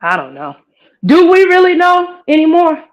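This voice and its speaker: A middle-aged woman hosting her own channel, rambling and preaching straight to her viewers in a casual, animated way. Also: very high voice, moderate pace, dull audio. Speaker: host of her own live-commentary channel.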